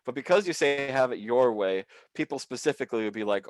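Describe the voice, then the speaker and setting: A comedian telling profane work stories in a casual chat over a video call, acting out the people in them. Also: male voice, mid-range voice, a little fast, dry recording. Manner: profane, animated storyteller who acts out quotes. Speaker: comedian guest.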